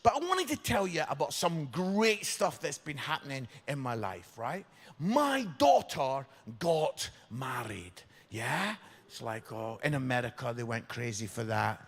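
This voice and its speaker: A man in his fifties giving a humorous, animated sermon, joking with the congregation as he tells stories. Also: medium pitch. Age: 50s. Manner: animated, jokey, crowd-engaging. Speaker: preacher. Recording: long hall reverb.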